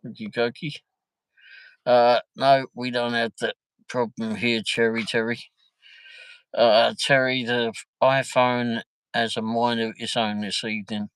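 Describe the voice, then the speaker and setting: A man's voice: mid-range voice, level tone, a little slow, fairly bright tone, clear, resonant tone, no room sound, rough recording. Jokey man chatting on a livestream. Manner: chatty, jokey, answers viewer comments. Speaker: livestream host. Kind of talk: casual live-stream chat.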